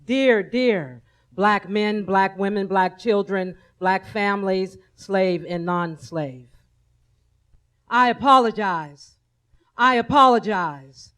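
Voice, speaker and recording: A woman at a workshop giving an earnest, tearful spoken apology, slow and repeating her phrases. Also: medium pitch, a bit bright. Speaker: workshop participant.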